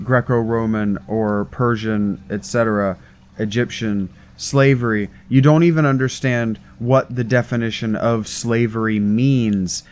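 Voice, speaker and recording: A man hosting a solo podcast, thinking aloud in a rambling monologue with frequent restarts and "right?" tag questions. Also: medium pitch. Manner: meandering, many restarts and "right?" tags. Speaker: podcast host.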